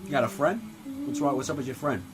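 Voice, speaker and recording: A man playing a gruff, foul-mouthed, middle-aged mob-style father in a comedy sketch. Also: mid-range voice, quick pace, lightly acted, rough recording. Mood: fatherly lecture. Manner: swaggering, profane, tough-guy drawl. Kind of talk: comedy sketch character acting. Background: music playing.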